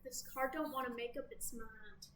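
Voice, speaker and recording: A woman's voice: a little high, fairly even intonation, normal speed, fairly bright tone. A woman with a Southern American accent gives a casual, chatty tarot reading, full of playful asides. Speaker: tarot reader. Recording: echoey room with faint background noise.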